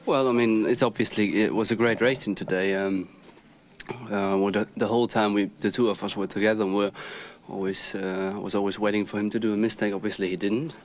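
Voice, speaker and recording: Man, racing driver, lowish voice, halting answers, faint noise behind. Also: fairly even intonation. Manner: halting, many fillers and restarts. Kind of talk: post-race podium interview.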